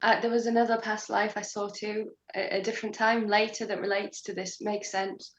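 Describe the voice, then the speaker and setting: A woman in a spiritual reading session, calmly recounting her own experiences as the client. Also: mid-range voice, normal speed, lo-fi sound. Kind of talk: casual chat. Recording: echoey room sound.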